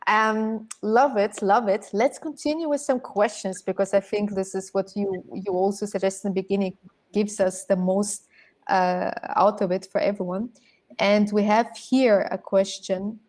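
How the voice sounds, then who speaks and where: A woman's voice: mid-range voice, fairly even intonation, moderate pace, a little mellow. A woman hosting a conference session, affirming her guest and leading into audience questions. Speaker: conference host. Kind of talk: moderating a panel.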